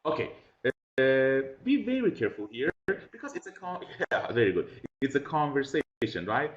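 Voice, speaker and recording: A man's voice: mid-range voice, sing-song. Patient male teacher on lo-fi video call. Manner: patient, repeats questions and instructions slowly. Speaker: English teacher. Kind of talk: online class instruction. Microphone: computer mic on a video call. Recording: dull lo-fi video call audio.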